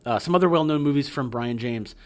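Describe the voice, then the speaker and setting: A man's voice: mid-range voice, fast talker, a little mellow. A middle-aged man co-hosting a podcast, reading out film trivia in casual chat with light fillers and easy laughs. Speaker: podcast co-host.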